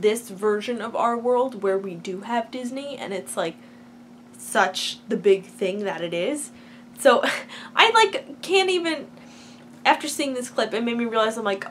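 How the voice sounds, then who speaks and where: A woman's voice: fairly high pitch, a little hiss or hum. A young woman vlogger chatting casually about a TV episode, filler-heavy and gushing, turning to ranting. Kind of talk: casual TV episode reaction chat.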